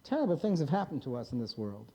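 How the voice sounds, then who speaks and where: A man's voice: medium pitch, sing-song, quick pace, mellow. A man in his fifties, a psychiatrist, giving a blunt, wry lecture to a live audience and prodding them with questions. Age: 50s.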